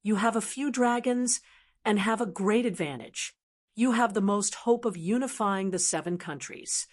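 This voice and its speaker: A woman's voice: medium pitch, moderate pace, lightly acted. Woman reading as a shrewd young island heiress. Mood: confident. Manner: confident, persuasive. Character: shrewd, confident young female sea lord's heir. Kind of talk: audiobook narration.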